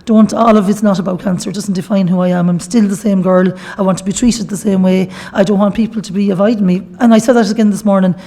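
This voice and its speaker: A woman's voice: mid-range voice, steady tone, fast talker, few pauses, dark tone. A middle-aged woman with a Galway Irish accent, giving a chatty, earnest personal testimony as a workshop speaker, with devout asides. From Ireland.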